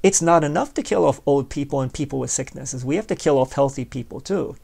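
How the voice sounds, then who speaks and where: Here a man's mid-range, creaky, slightly mellow voice moves at a brisk clip. Hosting a podcast, he rambles through a sardonic philosophical monologue, addressing the listener directly and voicing both sides of a pretend dialogue in a conversational way.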